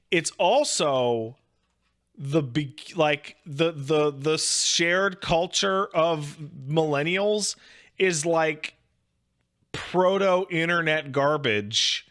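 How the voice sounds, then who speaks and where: Bright-voiced man ranting sardonically. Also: a little high. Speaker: co-host. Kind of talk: casual chat.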